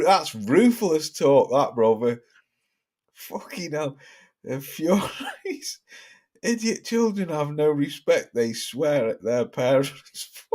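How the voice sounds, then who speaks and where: A man's voice: fairly high pitch, very animated, slow, darkish tone. Sweary northern English man reading chat. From northern England. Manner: sweary, laughs often, reads comments aloud. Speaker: livestream host reading chat. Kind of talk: casual livestream chat. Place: home, living in the Midlands.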